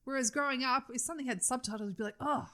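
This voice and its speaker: A woman's voice: high voice, rapid-fire, sharp tone. A middle-aged woman with an Australian accent, co-hosting a casual podcast chat and laughing often. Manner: laughs often, chatty and enthusiastic. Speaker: podcast co-host.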